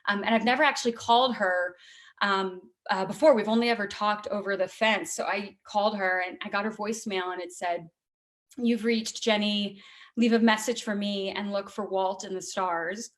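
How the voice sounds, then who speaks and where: A woman's voice: mid-range voice, fairly even intonation, normal speed, fairly bright tone. A woman telling a true personal story at a live storytelling event, in a candid, conversational and heartfelt way.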